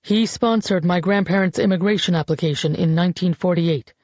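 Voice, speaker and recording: A woman voicing a grieving grown man, a father giving a eulogy, in an audiobook; he speaks slowly and measuredly. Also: lowish voice, darkish tone, no room sound, natural voice. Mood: solemn. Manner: slow, measured, solemn speech. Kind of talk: audiobook character reading.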